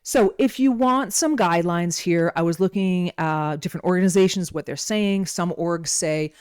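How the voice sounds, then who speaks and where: A woman's voice: fairly low pitch, moderate pace, smooth, no echo, clean studio sound. A woman giving an informal nutrition lesson, chatty and digressive, often checking in with a rhetorical "right?". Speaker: holistic nutrition educator. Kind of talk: informal teaching talk.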